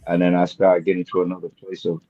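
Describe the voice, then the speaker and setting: Middle-aged male guest, reflective and sincere, very deep voice, remote call sound that is muffled and dry. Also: completely flat delivery, quick pace, mellow, no echo. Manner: earnest, reflective storytelling. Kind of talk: casual chat. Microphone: remote video call. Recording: dull lo-fi call audio, dry.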